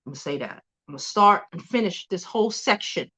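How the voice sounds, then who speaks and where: Chatty woman with a lively pitch. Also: fast, husky. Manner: chatty, laughs often, curses freely. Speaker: host of a celebrity news livestream. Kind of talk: casual livestream chat.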